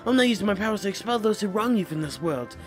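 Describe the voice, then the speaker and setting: A man's voice: high-pitched, lively intonation, quick pace, soft background music, voice pushed up. A man voicing a melodramatic young mage who speaks in grandiose proclamations. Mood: dramatic. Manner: bombastic, melodramatic.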